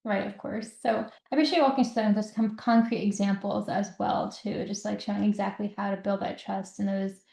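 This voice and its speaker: A woman's voice: medium pitch, little pitch movement, a little fast, gravelly, hardly any pauses, dark tone. A woman hosting a podcast interview, affirming and summing up her guest's points. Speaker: podcast host. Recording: echoey room.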